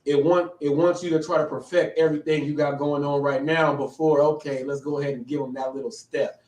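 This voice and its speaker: A male host with a fairly high voice rambles through a casual interview, full of slang and restarts. He sits away from the mic, and the room rings around his voice. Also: fairly even intonation, brisk, darkish tone. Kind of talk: casual live-show interview. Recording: echoey, distant from the mic.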